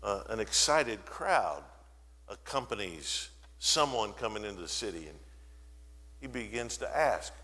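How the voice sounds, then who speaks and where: A man preaching a sermon in a church, telling a Bible story with animated, dramatic delivery and briefly voicing the people in it. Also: fairly low pitch, measured pace, big-room sound. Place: church sanctuary.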